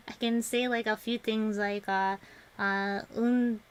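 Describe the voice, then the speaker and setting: A woman's voice: medium pitch, little pitch movement, slow pace, fairly bright tone, smooth. A young woman streaming to viewers and chatting casually, laughing often and rambling with many restarts. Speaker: vtuber streamer.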